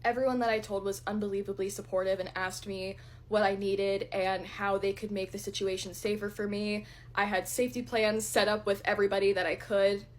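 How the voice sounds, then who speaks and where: A young woman vlogger telling a personal story in a candid, blunt way while doing her makeup, with the odd swear word. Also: medium pitch.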